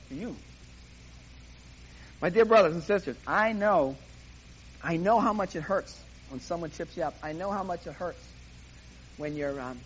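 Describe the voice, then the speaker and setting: A man's voice: fairly high pitch, lo-fi sound, slight background noise. A man preaching a sermon in an emphatic, impassioned way, often repeating himself for emphasis.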